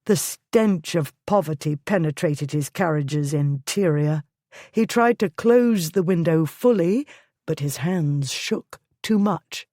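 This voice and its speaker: A woman narrates a historical romance audiobook in a low, unhurried voice. Her reading is steady and measured, recorded dry and close to the mic. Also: no echo. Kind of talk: scripted narration.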